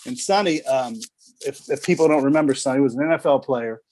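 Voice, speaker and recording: Speaking briskly in a mid-range voice with a darkish tone, a man of about sixty who directs TV sports recounts stories over a video call interview. The storytelling is casual, full of laughter, and he repeats words when starting his phrases.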